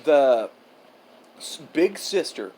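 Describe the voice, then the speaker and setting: A woman's voice: sits low, sing-song, drawn-out words, dark tone, a little hiss or hum. A young woman co-hosting a casual podcast chat, chatty and teasing, often cutting in with jokes. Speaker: podcast co-host.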